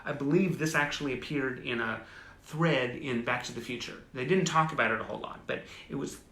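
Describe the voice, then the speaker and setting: A chatty man hosts a casual live stream, reading aloud with wry, self-mocking asides. His voice is gravelly and bright. He sounds a bit roomy and echoey, as if recorded live at home. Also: medium pitch, brisk. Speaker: host. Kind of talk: casual livestream chat reading old clippings. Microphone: phone or webcam on a live stream.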